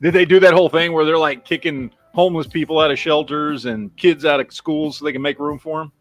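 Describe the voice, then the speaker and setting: A man's voice: fairly high pitch, steady tone, fairly quick, no echo, faint music behind. Profane Texan man hosting a livestream. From Texas. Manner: rambling, profane, reads chat names aloud. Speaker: livestream host. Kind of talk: casual livestream chat.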